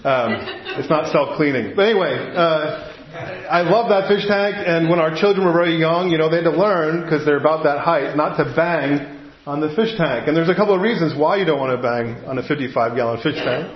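A man's voice: on the high side, brisk. Middle aged guy preaching, kinda chatty, lots of asides, sounds roomy and a bit muffled. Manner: conversational, anecdotal, self-interrupting with asides. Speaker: pastor. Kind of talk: sermon. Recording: roomy, slightly dull sound.

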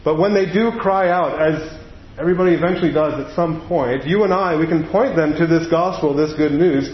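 Male pastor, conversational sermon, fairly high voice, echoey sanctuary, dull recording. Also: a little fast, slight background noise. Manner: conversational storytelling preaching. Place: church sanctuary.

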